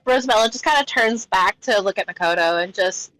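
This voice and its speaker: A woman's voice: mid-range voice, fairly quick, fairly bright tone, no echo, low-quality recording. A woman playing a tabletop role-playing game, chatty and hedging with fillers. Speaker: player.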